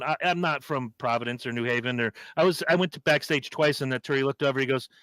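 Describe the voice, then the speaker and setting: Male podcast co-host in his fifties, animated storyteller, bright tone, dry close sound. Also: on the high side, brisk, no room sound. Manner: animated storyteller, acts out quotes. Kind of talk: casual chat.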